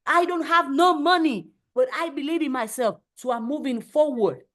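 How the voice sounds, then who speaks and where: A woman's voice: high voice, normal speed, a bit bright. A woman hosting a motivational live stream, speaking emphatically and repeating phrases for effect. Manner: acts out voices in quotes.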